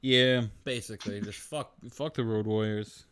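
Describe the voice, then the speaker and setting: A man's voice: fairly low pitch, steady tone, normal speed, fairly bright tone, clean tone. A man co-hosting a game stream, chatting in a crude, laid-back way with lots of swearing. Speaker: co-host. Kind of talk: casual game stream chat.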